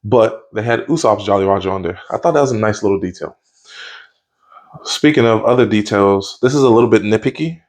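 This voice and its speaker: A man with a lowish voice talks a little fast while giving a casual spoken review of a TV episode. He's easygoing and conversational but rambling, full of fillers, restarts, and self-corrections.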